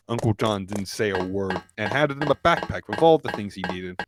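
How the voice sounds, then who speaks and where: A man's voice: animated, music in the background. A man reading a fan-written story aloud, stumbling and restarting lines and raising his voice for the characters. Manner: halting reading with restarts, pushed-up pitch for quoted lines. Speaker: fanfic reader.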